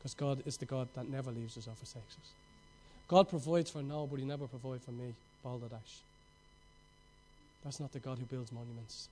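A middle-aged man preaching a sermon with passion, telling stories and swinging between loud outbursts and hushed moments. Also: medium pitch, steady tone, moderate pace.

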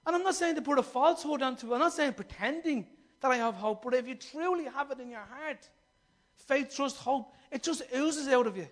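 A man delivering a fervent sermon in a strikingly high voice. He keeps asking the congregation questions and slips into the voices of the people he quotes. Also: brisk, fairly bright tone. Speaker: preacher. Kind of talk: impassioned sermon.

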